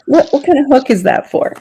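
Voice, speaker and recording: A woman's voice: high-pitched, warm tone, breathy edge, no echo. A woman chatting casually on a family live stream, candid and wry, laughing often, picked up by a webcam mic at home. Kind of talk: casual chat.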